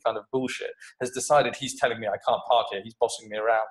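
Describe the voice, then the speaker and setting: A man, a creativity coach, telling an animated story and swearing freely in a casual podcast interview. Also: medium pitch, a little fast, hardly any pauses, poor audio.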